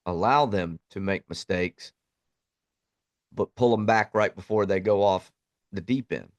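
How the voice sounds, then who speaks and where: A man's voice: low-pitched, unhurried, no room sound, highs cut off. Blunt, plainspoken man, dry sound. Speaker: podcast host, Army veteran. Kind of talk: reflective monologue.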